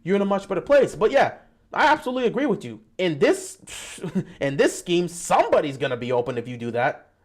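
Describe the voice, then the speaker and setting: A man's voice: sits high, sing-song, fairly quick. A man hosting a live-stream football talk show, greeting viewers and arguing his points animatedly.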